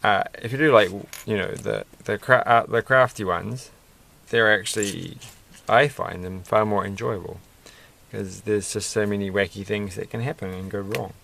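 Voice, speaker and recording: Lego vlogger man, gravelly low register, musing running commentary while he builds. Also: fairly even intonation, normal speed, a bit bright, slight background noise. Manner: rambling, musing, self-deprecating.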